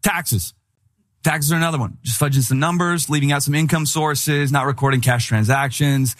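A male pastor giving a conversational sermon in an animated, candid way, with humorous asides. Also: on the high side, moderate pace.

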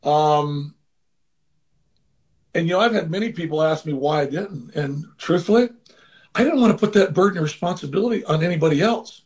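A man's voice: on the high side, normal speed, a little mellow. A man as an interview guest, earnestly telling a personal story in casual conversation, sometimes acting out the voices of the people in it. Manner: earnest, acts out quoted voices. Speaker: interview guest, former baseball manager.

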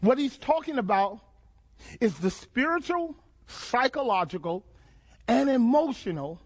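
Male preacher, very high voice, dramatic sermon delivery with repeated questions. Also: sing-song, measured pace, husky. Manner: dramatic, call-and-response questions, repeats phrases.

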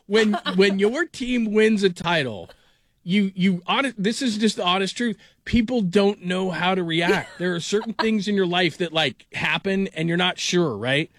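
Guy hosting sports radio, kinda high-pitched, dry close mic, says "like" a ton. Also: a little slow, fairly bright tone, no room sound. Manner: rambling, heavy use of "like". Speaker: radio sports talk host. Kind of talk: casual sports radio chat.

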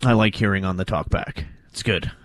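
A man co-hosting a radio sports talk show, who gets worked up and climbs in pitch when riled. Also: brisk, no echo.

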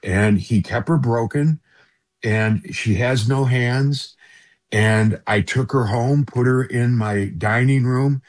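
A man's voice: mid-range voice, takes it slowly. A middle-aged man, a guest on a radio interview, earnestly telling a personal story and often addressing the host by name.

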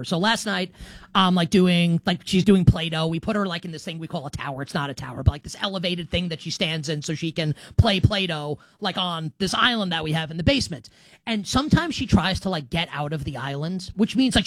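A man's voice: sits high, animated, fairly quick, no room sound. A man hosting a sports podcast, asking long rambling questions and chatting casually. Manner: rambling, self-interrupting questions. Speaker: podcast host.

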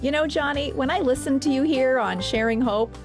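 A woman's voice: high-pitched, fairly quick, over music. A woman announcing a radio program and teasing the host in a friendly way. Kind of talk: scripted radio intro.

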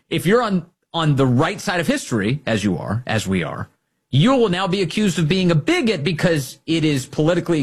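A man's voice: mid-range voice, breathy edge. A man giving emphatic, sarcastic political commentary, mocking the people he quotes.

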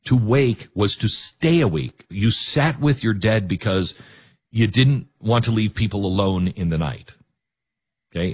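A middle-aged man hosting a talk show, telling a story in a monologue with animated, jokey asides. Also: low voice, husky. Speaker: radio talk show host.

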